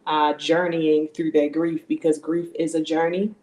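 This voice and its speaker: Woman guest, grief coach, low pitch, steady and full of "um"s, video call. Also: measured pace. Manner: steady, with frequent "um" fillers. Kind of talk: explaining her work in an interview. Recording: roomy echo.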